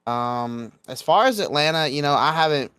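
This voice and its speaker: A young adult man from Georgia, hosting a casual podcast chat and speaking bluntly, getting animated when laying down rules. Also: a little high, moderate pace, smooth, no echo. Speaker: podcast host.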